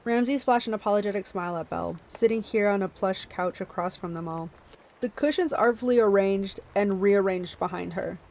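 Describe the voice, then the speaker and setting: A woman's voice: medium pitch, moderate pace, darkish tone, low-quality recording. A woman hosting a book club stream, reading a novel aloud with small stumbles and self-corrections, and chatting to her viewers between passages.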